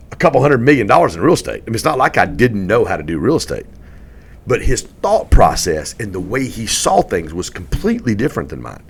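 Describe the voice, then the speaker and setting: A middle-aged man with a very low voice tells a story on a podcast, his delivery animated and rising in pitch and volume when he gets excited. Faint noise sits under the recording. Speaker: podcast guest, real estate coach. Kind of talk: storytelling in a casual interview.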